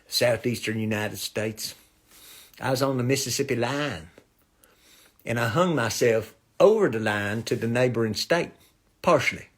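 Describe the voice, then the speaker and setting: Husky-voiced man rambling crude comedy. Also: a little high, fairly bright tone. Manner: fast, swaggering and crude, with whoops and laughs. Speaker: comedian doing a live stream. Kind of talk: rambling comic monologue. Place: small home studio. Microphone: phone or webcam on a live stream.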